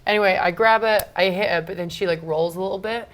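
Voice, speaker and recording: A young woman, a guest telling a story in a casual interview, animated and full of fillers. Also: medium pitch, fast. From England. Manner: animated, lots of fillers and quoted asides. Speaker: guest, wrestler.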